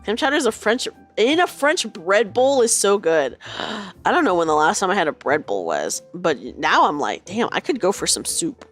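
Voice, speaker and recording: A woman's voice: medium pitch, very animated, normal speed, soft background music. A woman from the United States streaming a casual chat, giggling as she reads out and answers her viewers' chat.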